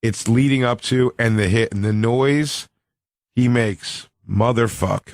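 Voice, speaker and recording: A man hosts a radio talk show in loose, joking banter. He laughs often and acts out sounds and quotes as he tells the story. His voice sits at a middle pitch, recorded dry and close. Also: slow pace, dry recording. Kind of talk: casual comedic banter.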